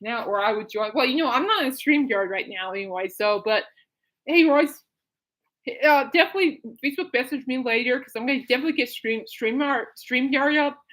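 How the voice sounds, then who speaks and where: A woman's voice: high-pitched, lively intonation, fast, few pauses, fairly bright tone, low-quality recording. Giggly, rambling woman podcast host. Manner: rambling, giggly, laughs often. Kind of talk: casual live-stream chat.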